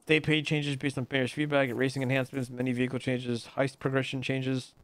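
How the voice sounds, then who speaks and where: A man's voice: mid-range voice, little pitch movement, a little fast, background noise. A man streaming a role-play game, chatting loosely and reading notes aloud in an offhand, joking way. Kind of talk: casual stream chat.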